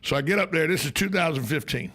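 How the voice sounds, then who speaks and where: A man's voice: fairly high pitch, expressive, fast, pushed and bright. A man hosting a talk radio show, telling jokes and stories in a casual, emphatic way. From United States. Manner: storytelling, joking, emphatic. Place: radio studio.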